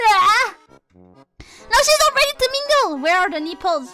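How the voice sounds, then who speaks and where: A young woman streaming from her room, chatting in an excitable, shrieky way, swearing and dropping Japanese words. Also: extremely high pitch, a little slow, music in the background. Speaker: VTuber streamer. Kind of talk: casual live-stream chat.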